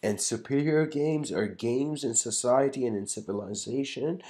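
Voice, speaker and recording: A man's voice: medium pitch, normal speed, dark tone. A man giving a casual philosophical lecture. He rambles and tells stories, with lots of "like" and "you know.". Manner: rambling, filler-heavy, storytelling.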